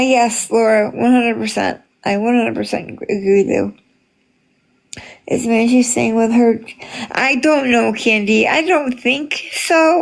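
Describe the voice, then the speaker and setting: A woman in a casual livestream chat, talking to her viewers at an unhurried, drawn-out pace. Her voice sits a little high and has a gravelly edge. She greets people by name and fills her pauses with ums. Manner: chatty, greets viewers by name, many fillers. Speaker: livestream host reading chat.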